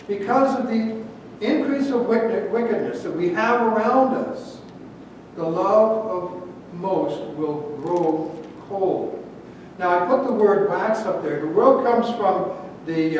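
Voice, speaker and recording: A man preaching a sermon as pastor, asking rhetorical questions and stressing words slowly before dropping to a hush. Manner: rhetorical questions, slow emphatic phrasing, drops to a hush. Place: church sanctuary. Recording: very echoey church from a distant mic, faint rumble.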